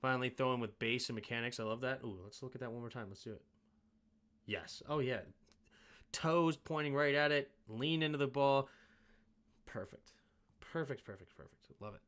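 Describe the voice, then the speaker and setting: Man, sports show host, casual film breakdown, analytical, mid-pitched voice. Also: moderate pace, long pauses, a bit bright. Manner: analytical, thinks aloud, self-mocking asides.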